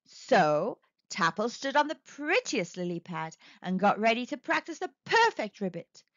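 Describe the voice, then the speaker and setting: A woman reading a picture book aloud to young children in an expressive storytelling manner. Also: mid-range voice, measured pace, no room sound. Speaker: storybook reader. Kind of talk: children's read-aloud narration. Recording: dry, slightly dull recording.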